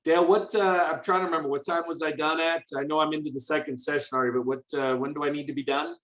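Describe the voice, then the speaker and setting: A man's voice: a little high, fairly even intonation, fast, a bit bright, roomy sound, rough recording. A man leading a hands-on coding workshop for teachers, chatting casually and upbeat with many fillers and restarts.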